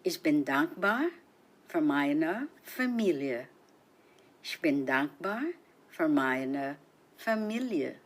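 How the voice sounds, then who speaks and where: A woman hosting a radio language lesson, speaking cheerfully in a sing-song teaching manner and slowly repeating each word for listeners. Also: deep voice, expressive. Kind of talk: slow, clearly enunciated language lesson.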